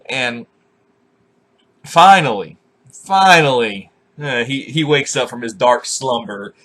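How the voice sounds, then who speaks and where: Guy in his 20s, husky tone, swears constantly, laughs a lot, suddenly yells when acting out scenes. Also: medium pitch, animated, takes it slowly. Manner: profane, laughs often, bursts into loud acted shouts. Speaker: vlogger. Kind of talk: crude comic storytelling.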